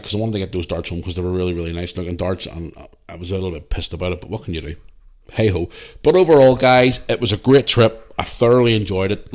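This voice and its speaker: A Northern Irish man hosting a casual solo podcast, talking animatedly and swearing freely as he retells his week. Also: low voice. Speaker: podcast host.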